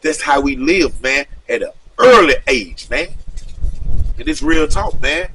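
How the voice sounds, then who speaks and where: Animated middle-aged man telling street stories. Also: on the high side, unhurried, recorded from a distance, slight background noise. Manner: animated, heavy street slang, keeps saying "man". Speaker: storyteller recounting street life. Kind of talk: casual storytelling.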